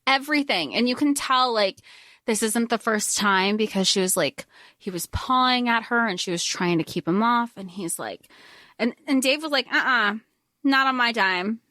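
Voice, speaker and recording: A woman co-hosting a podcast, chatting casually about a movie and retelling scenes in an animated way. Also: a little high, no echo, studio quality. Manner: animated, quick retellings with quoted lines. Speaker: podcast co-host. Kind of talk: casual movie recap chat.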